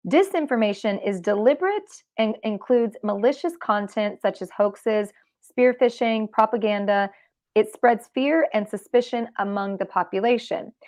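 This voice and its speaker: A woman's voice: medium pitch, moderate pace, darkish tone. Woman host reading through a list. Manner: reads points in a list, with restarts. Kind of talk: explanatory talk show.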